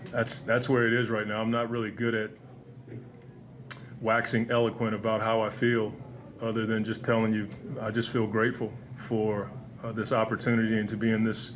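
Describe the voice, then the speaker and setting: A basketball coach at a post-game press conference, speaking in a halting, earnest and heartfelt way. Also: male voice, lowish voice, slight background noise.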